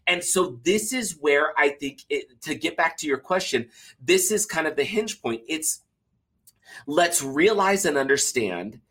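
A man's voice: on the high side, unhurried, husky. A man from Utah, a podcast guest, talking casually and animatedly about a gratitude practice. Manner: animated, acts out everyday complainers in mock voices. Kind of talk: casual chat.

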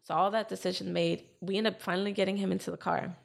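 A woman's voice: mid-range voice, fast, creaky. A woman telling a personal story in casual chat, acting out what she and others said. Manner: animated retelling, acting out her own quotes.

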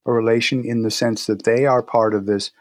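A man speaking as an interview guest, telling stories in a relaxed way with frequent restarts and pauses. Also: medium pitch, no echo, clean studio sound. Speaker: guest, herbal medicine practitioner. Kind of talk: casual interview talk.

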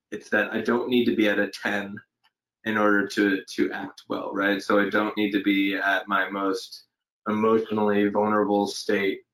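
A man with a fairly low voice answers interview questions about his acting work. He talks thoughtfully and hesitantly, pausing on fillers and starting sentences over as he works out his ideas. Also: a bit bright, poor audio. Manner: reflective, hesitant, many fillers and restarts. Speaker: actor guest. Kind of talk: casual interview conversation.

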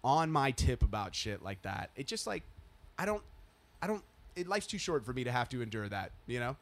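Fairly quick and mid-range in voice, a podcast host animatedly narrates a story during relaxed chat, performing the lines of each character he quotes.

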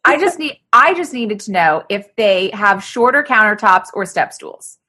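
A woman's voice: mid-range voice, expressive, moderate pace, pushed and bright. A woman on a podcast, chatting casually and rambling, with lots of "like" fillers. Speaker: podcast guest. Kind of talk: casual group chat.

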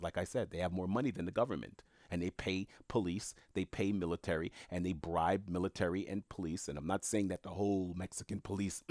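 Argumentative low-voiced man, dry sound. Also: no echo. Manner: argumentative, repeats himself for emphasis, voice jumps up when worked up. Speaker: political commentator. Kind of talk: opinionated monologue.

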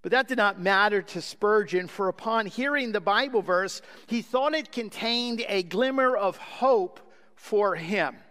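A man's voice: high-pitched, measured pace, pushed and bright. A man preaching a sermon as pastor, praying earnestly and then telling a story. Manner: earnest, prayerful. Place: church sanctuary. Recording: long hall reverb.

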